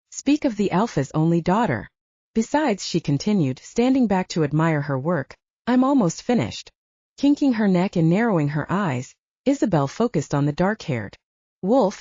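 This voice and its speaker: A woman reads a fantasy audiobook with expressive, scripted storytelling. Her voice is low and mellow, and her pitch moves freely. The recording is dry and dull, with little top end. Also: no room sound. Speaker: audiobook narrator. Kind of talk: scripted narration.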